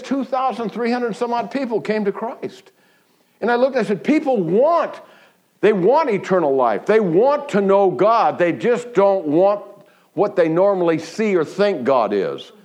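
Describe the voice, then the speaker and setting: A man preaching a sermon who tells stories with growing excitement, often restarting his sentences. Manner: animated storytelling, pitch climbing high when excited; restarts and stumbles, laughs between phrases. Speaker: pastor.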